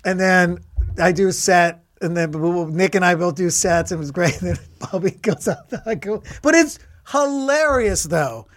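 A man's voice: high voice, normal speed. A male comedian telling a story in casual podcast chat, acting out what people said in a studio. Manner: animated, acts out quoted lines. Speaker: comedian guest.

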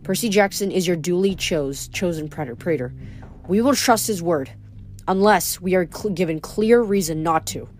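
A woman reading aloud plays a young female leader, composed and commanding. Her lines sit low and quiet, each phrase measured, in a storybook reading. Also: faint music behind, natural voice.

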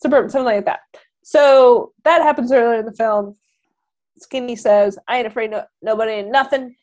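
A woman's voice: fairly high pitch, fairly quick. A woman retelling a film plot in casual chat, acting out the characters' lines as she goes. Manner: animated storytelling, acts out characters' lines. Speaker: podcast co-host. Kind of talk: casual movie recap chat.

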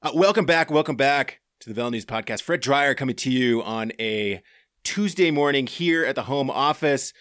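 A man's voice: medium pitch, normal speed, a bit bright, no room sound, soft background music. Rambling male podcast host. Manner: loose and rambling, with many fillers. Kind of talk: casual podcast chat. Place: home office.

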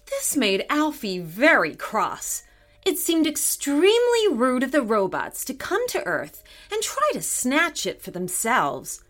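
A woman narrates a children's story with a higher-than-usual, very lively voice. She reads slowly and deliberately, and faint music sits underneath her. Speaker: podcast host and storyteller.

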